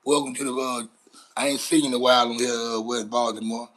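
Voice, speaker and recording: A man hosts his live stream with a bright, forward voice at an ordinary middle pitch. He rambles casually, swears freely and stops to greet viewers in the chat. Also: fairly even intonation, quick pace, low-quality recording. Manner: rambling, profane, chats with viewers. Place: Dallas, Texas.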